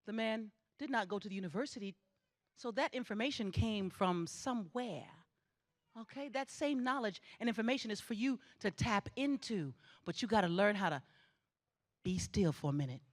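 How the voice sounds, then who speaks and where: This middle-aged graduation speaker delivers a spirited commencement address on a theatre stage in a mid-range voice with lively intonation at a moderate pace. She preaches emphatically and keeps repeating her calls to action.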